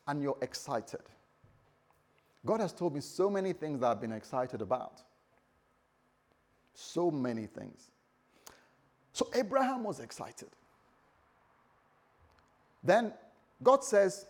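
A male pastor preaching a sermon in a church, animated and joking, acting out the stories he tells. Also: on the high side, unhurried, pauses often.

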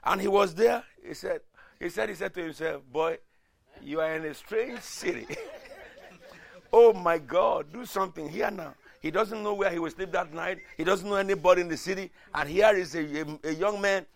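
Dramatic preacher man with a gravelly voice. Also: sits high, moderate pace. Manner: dramatic preaching, swinging from hushed to shouting. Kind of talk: sermon.

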